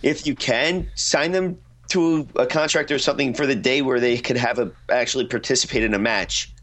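A man's voice: mid-range voice, normal speed, a bit bright, slight background noise. Eager young man co-hosting a podcast. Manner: eager, offers hopes and suggestions, hesitant fillers. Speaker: podcast co-host. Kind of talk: casual wrestling podcast chat.

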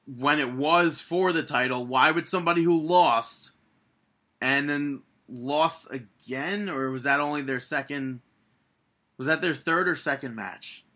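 Young man, bright tone, casual podcast chat, exasperated, opinionated. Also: fairly high pitch, unhurried. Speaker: podcast co-host.

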